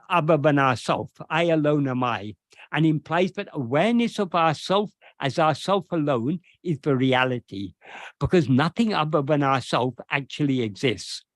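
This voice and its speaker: A man explaining a devotional verse as a spiritual teacher, slow and deliberate with frequent hesitations. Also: fairly high pitch, no echo.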